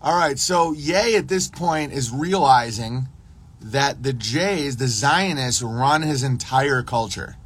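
A man's voice: medium pitch, animated, slow, a bit bright, husky. A man hosting a casual livestream, talking in a rambling monologue full of restarts and acted-out dialogue. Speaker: podcast host.

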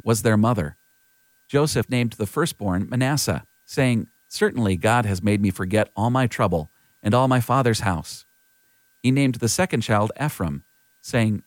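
A man with a fairly low voice reads scripture aloud in a measured, even way. He is close to the mic. The sound is dry, with no room echo. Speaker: scripture reader. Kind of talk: scripture reading.

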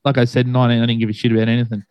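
A man's voice: medium pitch, little pitch movement, very fast, darkish tone, smooth, dry recording, dull audio. A young man telling a long story in casual chat, rambling and laid-back with many fillers.

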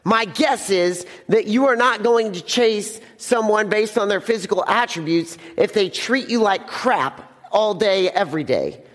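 A man's voice: sits high, lively intonation, a little slow, few pauses, fairly bright tone, big-room sound. A young man preaching a casual sermon to teenagers as a youth pastor, often repeating words and acting out the scene.

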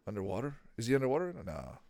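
A man giving casual live commentary as he watches a video, excitable and thinking aloud, often asking his viewers questions. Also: mid-range voice, racing, no echo, clean studio sound. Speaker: reaction video host.

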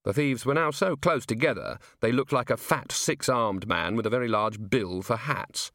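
A man reading a comic novel as an audiobook in wry, expressive storytelling narration. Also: mid-range voice, moderate pace, no room sound, studio quality.

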